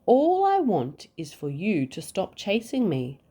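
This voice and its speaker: A woman voicing a big, clumsy, apologetic male dragon in a bedtime storybook, talking loudly and pleading. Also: mid-range voice, huge pitch swings, a little slow, pitched above the performer's own voice. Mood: earnest.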